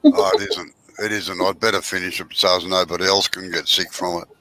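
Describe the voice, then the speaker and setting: A man's voice: low-pitched, little pitch movement, quick pace, sharp tone, rough recording. A man, chatting in a laid-back way on a video call. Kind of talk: casual chat on a video call.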